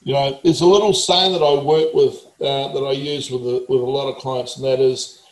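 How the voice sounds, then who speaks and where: A man's voice: mid-range voice, fairly even intonation, normal speed, echoey room, rough recording. A man, a motivational speaker talking casually, blunt, emphatic and swearing heavily. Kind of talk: casual talk.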